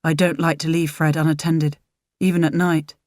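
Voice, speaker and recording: A woman's voice: low-pitched, flat delivery, normal speed, a little mellow, no echo, studio quality, lightly acted. A woman voicing a guarded young man who speaks in a firm, clipped way.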